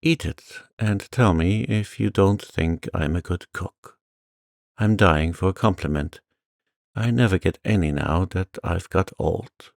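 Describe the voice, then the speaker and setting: Man reading a proud lonely old lady, bitter, slow and low, gravelly. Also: no room sound, studio quality. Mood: wistful. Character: tall, proud, lonely older woman.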